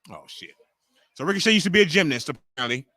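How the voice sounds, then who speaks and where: Profane forties streamer, higher voice, dry close sound, casual watch-along host. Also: male voice, fast talker, no echo. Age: 40s. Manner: profane, ranting, excitable reactions.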